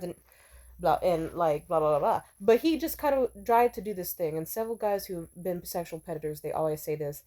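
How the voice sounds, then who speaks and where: A woman's voice: lowish voice, animated, fairly quick, dark tone. A young adult woman telling a personal story to camera, blunt and profane, talking casually with lots of fillers. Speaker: vlogger.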